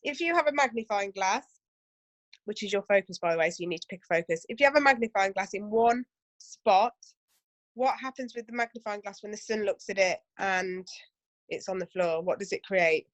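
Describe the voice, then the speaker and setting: A woman's voice: medium pitch, brisk, no room sound. A woman running a casual training session for her team, chatty and full of asides and rhetorical questions.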